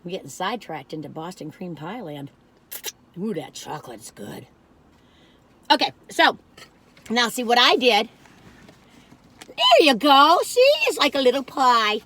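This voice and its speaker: A woman's voice: a little high, big pitch swings, a little slow, long pauses, pushed and bright. An older woman, chatting casually and rambling off on tangents while reviewing cookies on her vlog. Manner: rambling, chatty, easily sidetracked. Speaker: food vlogger.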